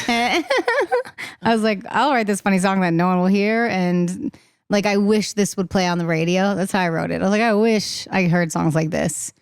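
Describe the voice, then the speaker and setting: A young woman in casual podcast chat as a singer-songwriter guest, talking fast and laughing, acting out the voices she quotes. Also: mid-range voice, fairly even intonation, clear, resonant tone, no echo, clean studio sound.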